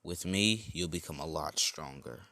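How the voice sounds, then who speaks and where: A man's voice: very deep voice, a little slow, sharp tone, no room sound, full character voice. A man voicing a male alien symbiote creature who mentors a boy, in a casual, offhand fan-story voice. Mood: calm, explaining.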